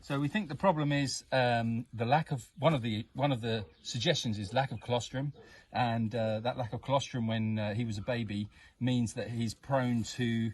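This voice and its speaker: A man's voice: mid-range voice, steady tone, moderate pace, slightly rough, distant mic, natural voice. A man putting on a bumbling field reporter for a livestream joke, playing with a muddled mix of Irish, Australian and Scottish accents. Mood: cheery mock-report. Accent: mixed Irish, Australian and Scottish put-on. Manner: cheery, playful, bumbling. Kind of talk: comic mock news report on a livestream.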